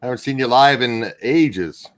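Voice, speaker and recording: A man's voice: medium pitch, moderate pace. Friendly man on a video call. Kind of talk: casual group video chat.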